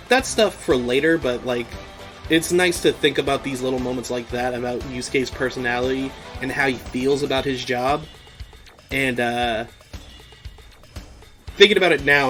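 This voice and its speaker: A man hosting a podcast, giving a casual anime episode recap, swearing freely and laughing often. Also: mid-range voice. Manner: profane, animated, laughs often. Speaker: podcast host.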